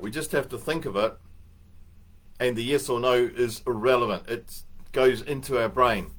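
An older man speaking in a mid-pitched voice, neither high nor low, as he gives a relaxed motivational talk to a group. He rambles through anecdotes and stops to muse aloud, with fillers scattered through his delivery. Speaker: speaker giving a morning talk.

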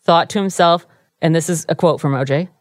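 A woman's voice: deep voice, fairly quick, no room sound. Wry woman telling a story in a dry studio. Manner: wry, easygoing narration. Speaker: podcast host. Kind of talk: casual true crime storytelling. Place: radio studio.

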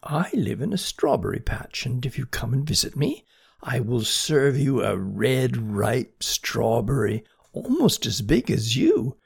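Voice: medium pitch, very animated, unhurried, vocal fry, breathy edge, heavily acted. A storyteller voicing a polite, hungry young male banana slug in a children's story. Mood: eager. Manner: polite, hesitant.

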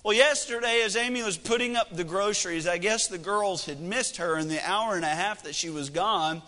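A man's voice: high voice, moderate pace, pushed and bright. A man in his thirties preaching a sermon, telling a family story in a folksy, joking, self-deprecating way. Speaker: pastor. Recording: echoey hall reverb.

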